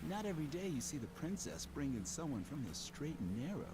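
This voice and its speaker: A mocking pirate crewman teases in a lively, bouncing pitch. He sounds distant, with clear noise in the game audio. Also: brisk. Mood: teasing. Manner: mocking, teasing. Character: teasing male pirate crewman.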